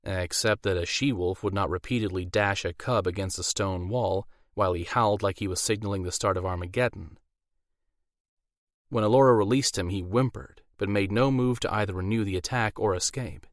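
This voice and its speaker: A man narrates a fantasy novel in a measured, storytelling way. His voice sits on the low side, close on the mic and dry, with no room sound. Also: dry recording. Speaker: audiobook narrator. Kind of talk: scripted narration.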